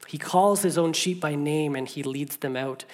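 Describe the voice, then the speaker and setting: A pastor delivering a sermon, reading scripture aloud, then slowing down to repeat a refrain for emphasis between casual, stumbling asides. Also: mid-range voice. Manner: conversational asides with stumbles and restarts.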